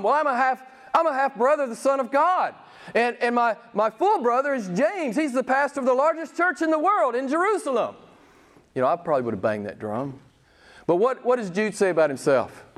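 A middle-aged male pastor with a high voice preaches with emphasis. He hammers key lines again and again. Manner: emphatic, repeats lines for stress. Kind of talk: sermon.

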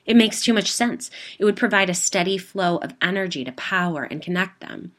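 A woman voicing an eager, insistent female paranormal theorist in a spoken story, close to her own low-pitched voice. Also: fairly quick, a bit bright, natural voice. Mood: earnest.

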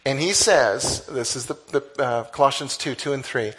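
A man preaching a conversational sermon, animated, with sudden exclamations. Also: medium pitch, normal speed, few pauses. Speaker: pastor.

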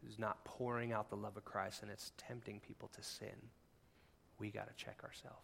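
Bright-voiced impassioned male pastor. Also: on the low side, little pitch movement, moderate pace, vocal fry, slight background noise. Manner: impassioned, swinging from hushed to near-shouting; conversational, with asides and laughs. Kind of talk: sermon.

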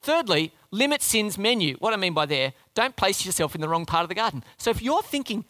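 A male pastor delivers a sermon with a high, lively voice that leaps around in pitch. He is emphatic and keeps firing rhetorical questions at the congregation, and the sound is close and dry. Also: a little fast, hardly any pauses, no echo.

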